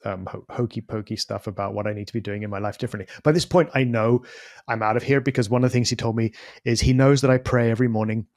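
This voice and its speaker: A man co-hosting a podcast, telling a story in a casual, animated, self-deprecating way. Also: medium pitch, fast talker, no echo, clean studio sound. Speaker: podcast co-host.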